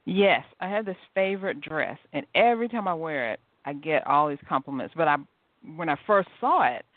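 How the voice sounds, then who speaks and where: A woman's voice: deep voice, expressive, a little fast, dry recording. A woman hosting a podcast interview, bubbly and chatty. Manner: bubbly, chatty, laughs easily. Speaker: host. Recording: dry, tinny phone-line audio.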